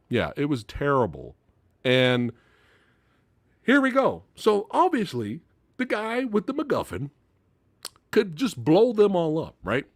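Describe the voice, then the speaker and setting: A man's voice: medium pitch, very animated, normal speed, dry recording, clean studio sound. A man hosting a casual live-stream movie talk, exasperated and profane, laughing as he goes. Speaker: movie channel host.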